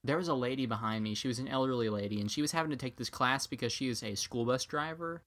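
With a fast, fairly bright, mid-range voice, a young man co-hosting a podcast jokes his way wryly through a casual story, acting out other people's words.

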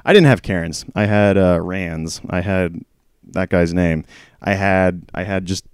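A man's voice: deep voice, unhurried, clean tone, no room sound, clean studio sound. A man telling a work story from his time as a store clerk, in a casual, profane, exasperated storytime rant that rambles along.

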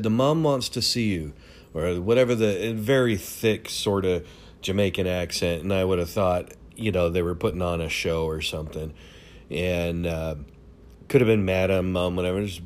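Rambling man telling a story at home. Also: lowish voice. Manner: rambling, many fillers and restarts; animated, swings up in excited bursts. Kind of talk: casual storytelling. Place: home room.

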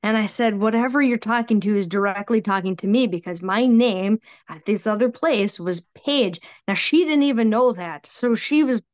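A woman guest telling a personal ghost story in a casual, animated way. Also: medium pitch, moderate pace, hardly any pauses, highs cut off. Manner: animated, acts out quoted voices.

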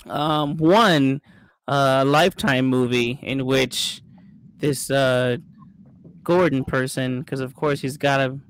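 Unhurried man musing as a player. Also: medium pitch, fairly even intonation, fairly bright tone, slight background noise, poor audio. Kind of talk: casual chat.

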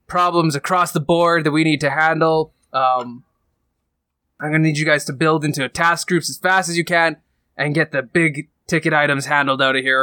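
A man's voice: on the high side, bright, forceful tone, clean tone, dry recording. A man voicing a harried, brusque male cargo ship captain who gives urgent orders in a hurry.

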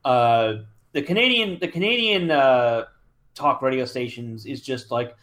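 A man's voice: medium pitch, measured pace, a bit bright. A man in his thirties co-hosting a podcast in casual chat, rambling with many fillers and restarts. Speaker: podcast co-host.

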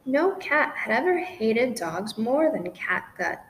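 A woman narrating a children's storybook in a gentle, clear reading style. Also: a little high, big pitch swings, slow, slight background noise, poor audio.

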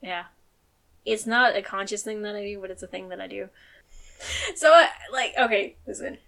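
A woman's voice: medium pitch, normal speed, vocal fry, bright, forceful tone. A woman hosting a true crime podcast in casual chat, swearing freely and turning firm and emphatic when she gets angry. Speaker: podcast host.

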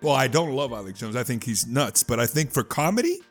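A man co-hosting a podcast, talking with animated enthusiasm in casual chat. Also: medium pitch, fairly quick, soft background music. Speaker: podcast co-host.

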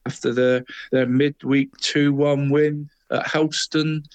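A man's voice: fairly high pitch, little pitch movement, slow pace, no room sound. A man co-hosting a casual football chat, rambling and saying "mate" in nearly every line. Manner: chatty, says "mate" constantly, rambling restarts. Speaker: co-host.

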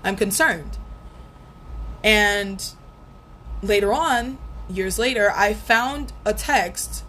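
A young woman in her twenties tells a personal breakup story with blunt, profane candor and lots of animation. Her voice sits at a middle pitch. There is a faint hiss of background noise behind her. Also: extremely slow, bright, forceful tone. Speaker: vlogger. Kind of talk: casual storytelling.

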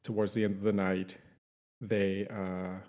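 A man's voice: deep voice, flat delivery, a little slow, darkish tone. Easygoing man recapping a show. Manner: rambling with fillers, easygoing. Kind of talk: casual chat.

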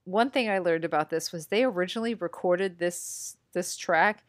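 A woman's voice: lowish voice, no room sound. Chatty woman podcast host, dry sound. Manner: chatty, self-mocking, quick asides. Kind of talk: casual chat.

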